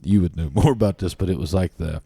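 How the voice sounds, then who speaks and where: A man's voice: sits low, fast, dark tone, breathy edge, dry recording, studio quality. A man telling a story on a podcast, rambling and laughing often with casual swearing. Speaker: podcast guest.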